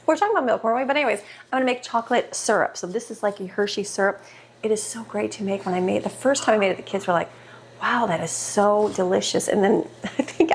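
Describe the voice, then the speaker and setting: A woman's voice: mid-range voice, vocal fry, slight background noise. A middle-aged woman chatting and rambling while cooking at home, laughing often, on a clip-on mic. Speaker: homemaker vlogger. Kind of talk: casual chat while cooking. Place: home kitchen. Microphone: clip-on mic on shirt.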